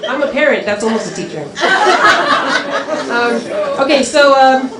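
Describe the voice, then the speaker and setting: A woman's voice: fairly high pitch, expressive, over a noisy crowd. Nervous stand-up woman, echoey club. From Philippines heritage, Filipino family. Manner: halting, with many ums and uhs. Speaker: stand-up comedian. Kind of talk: stand-up set. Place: comedy club stage. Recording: echoey club with loud noise.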